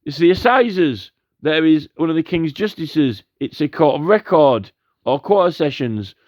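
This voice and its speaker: A man's voice: fairly high pitch, lively intonation, unhurried, a little mellow, no room sound. A man in a rambling, argumentative monologue, repeating "right?" again and again. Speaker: commentator. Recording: dull lo-fi audio.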